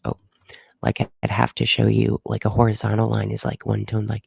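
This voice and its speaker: A man's voice: fairly low pitch, monotone, normal speed, gravelly, darkish tone, slightly rough, no room sound. A man hosting a weather livestream, explaining at length and rambling with fillers and restarts, close to his microphone.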